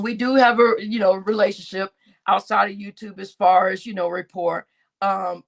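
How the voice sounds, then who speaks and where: Animated woman livestreamer, slightly high voice. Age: adult, grown-up. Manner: animated, laughing, swearing, addresses chat as y'all. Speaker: livestream host. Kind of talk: casual livestream chat, reading comments.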